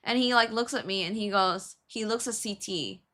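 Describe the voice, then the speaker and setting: A young woman streamer telling a story in a casual, animated way, laughing and swearing as she goes. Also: mid-range voice, normal speed. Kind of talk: casual storytelling while building a model kit.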